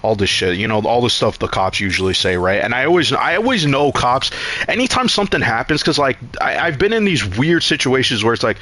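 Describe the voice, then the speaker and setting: A man streams a game while telling a long, rambling story full of swearing, acting out quotes in a raised voice. His mid-range voice is very animated, fairly quick, pushed and bright.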